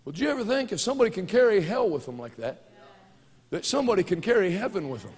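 A man's voice: high voice, big pitch swings, fast talker, slightly rough. Fervent preacher man in a reverberant hall. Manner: fervent, swings from quiet storytelling to shouting. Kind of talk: sermon.

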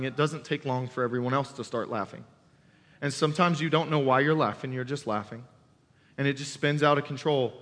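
A young man preaching in a church sanctuary, his voice high and ringing. He talks animatedly and conversationally, throwing questions out to the congregation. The sound carries a long reverberant tail from the hall. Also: sharp tone. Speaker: youth pastor preaching as guest. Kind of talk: sermon.

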